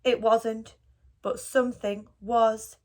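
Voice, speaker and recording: A woman reading a children's picture book aloud for a school, in a gentle and expressive storytelling manner. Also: on the high side, takes it slowly.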